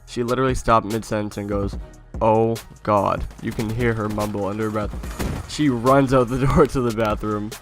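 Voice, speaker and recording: Soft music plays under this young male YouTuber as he casually recounts an amusing story from his childhood for his viewers. His voice sits on the low side and moves fairly quickly with few pauses, and he keeps laughing and dropping the odd swear word.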